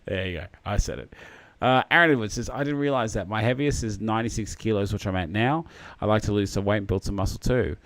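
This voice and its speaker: A man's voice: lowish voice, quick pace, a bit bright, no room sound. A man hosting a livestream, chatting casually in a rambling, jokey way and reading out viewer comments. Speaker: livestream host.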